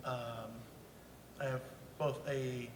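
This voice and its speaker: A man's voice: mid-range voice, level tone, extremely slow, slight background noise. A man in the audience asking a panel questions in a rambling, earnest way. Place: convention hall. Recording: echoey hall mic.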